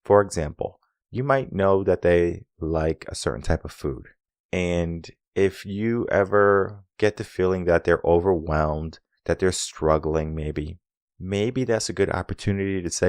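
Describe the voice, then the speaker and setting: Deep-voiced man giving relationship advice. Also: a little slow, dry recording, clean studio sound. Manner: acts out quoted dialogue in an animated way; repeats points with rhetorical questions. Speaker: relationship coach. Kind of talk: solo advice talk.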